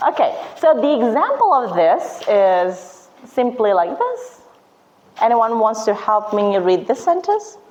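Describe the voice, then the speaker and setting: A woman's voice: a little high, very animated, measured pace, darkish tone, a little hiss or hum, low-quality recording. Woman lecturer quizzing her class. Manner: questioning, prompting students for answers. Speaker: university English lecturer. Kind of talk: interactive classroom teaching.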